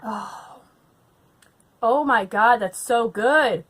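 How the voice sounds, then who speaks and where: A young woman at home, tipsy on wine, chatting casually to camera and ranting with lots of swearing and loud outbursts. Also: a little high, drawn-out words. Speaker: book vlogger. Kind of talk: casual drunk reading vlog.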